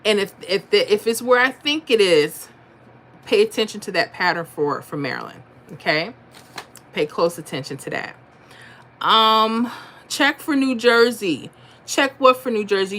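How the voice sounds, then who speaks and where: This lottery livestream host chats away, reading viewer comments and reasoning aloud about number patterns. Her voice is on the high side and a bit bright, her pace is moderate, and a little hiss or hum can be heard.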